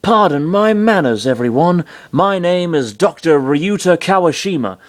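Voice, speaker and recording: Male reader doing upbeat boastful console-doctor, high and bright, teasing tone, amateur story reading. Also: lively intonation, measured pace. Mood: cheery. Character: cheerful male doctor living inside a handheld game console.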